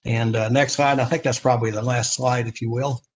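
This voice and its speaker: A man's voice: medium pitch, steady tone, brisk, breathy edge. A man presenting a product on a webinar, talking plainly and steadily with some fillers.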